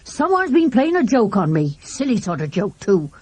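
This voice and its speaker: A woman playing a blustering middle-aged policeman, gruff and pompous, husky tone. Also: mid-range voice, very animated, moderate pace, a little mellow. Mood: indignant. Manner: gruff and self-important, raises his voice.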